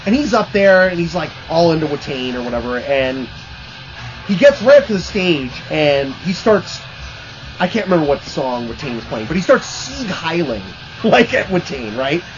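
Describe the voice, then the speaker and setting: A man's voice: fairly high pitch, big pitch swings, normal speed, highs cut off, over music. A man hosting his own channel, telling rambling, profane stories in a casual way with lots of fillers.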